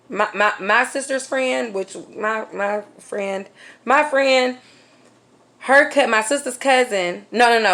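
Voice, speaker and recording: A woman vlogger telling a personal story in a casual, animated way, laughing often and swearing freely in slang. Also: mid-range voice. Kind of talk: storytime vlog.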